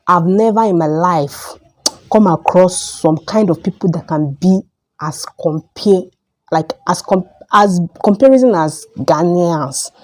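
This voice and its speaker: Young Nigerian woman vlogger, Nigerian accent, low mellow tone, insistent ranting delivery. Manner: emphatic, repetitive, rises sharply when heated. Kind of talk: opinion vlog rant.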